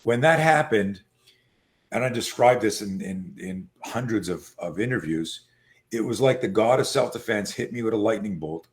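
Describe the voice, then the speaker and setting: A man being interviewed as a self-defense coach, telling stories in a lively casual way and acting out what people said. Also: lowish voice, moderate pace. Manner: animated storyteller who acts out quoted voices; frequent fillers and restarts.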